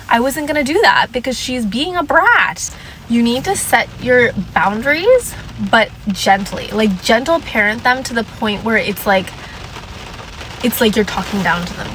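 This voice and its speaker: A woman's voice: fairly high pitch, a bit bright, a little hiss or hum, poor audio. A young adult woman vlogging casual advice in a sassy, emphatic way, repeating her points. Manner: drops into mocking voices to quote people.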